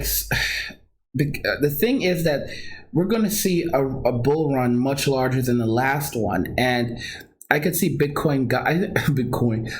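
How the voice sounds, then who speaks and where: A man with a Long Island, New York accent, talking casually and excitably to livestream viewers, repeating himself and laughing. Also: medium pitch. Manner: excitable, repetitive, addresses viewers as guys, often laughs. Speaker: crypto course seller and livestreamer.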